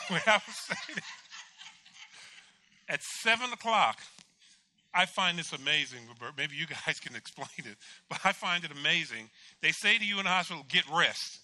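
A man, a pastor, telling a personal story in a casual, animated way, acting out the dialogue and laughing often. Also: fairly high pitch, moderate pace. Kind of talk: storytelling testimony.

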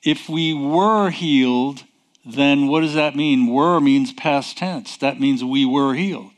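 A male preacher delivering a sermon at an unhurried, drawn-out pace. His pitch sits in a middling range, and he leans on each point, asking questions and answering them himself. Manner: slow, emphatic, asks rhetorical questions and answers them.

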